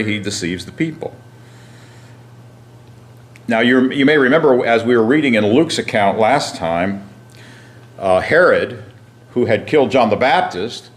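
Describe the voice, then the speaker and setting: A man teaching a Bible class, reading scripture aloud and asking his listeners questions, often clearing his throat. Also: fairly low pitch. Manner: frequent throat clearing and restarts.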